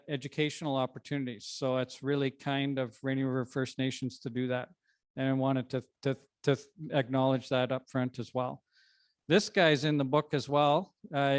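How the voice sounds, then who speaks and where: A man, a co-author, speaking at a book launch in an informal, conversational way with frequent pauses and restarts. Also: medium pitch, smooth, no echo, clean studio sound. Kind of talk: informal presentation to an audience. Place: library event room.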